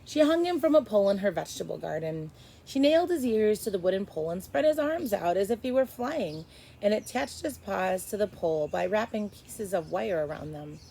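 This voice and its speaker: A woman teacher reading a chapter book aloud to first graders, expressive and stopping to explain. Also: mid-range voice, fairly quick, vocal fry, a little hiss or hum, low-quality recording. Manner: expressive, stops to explain to kids.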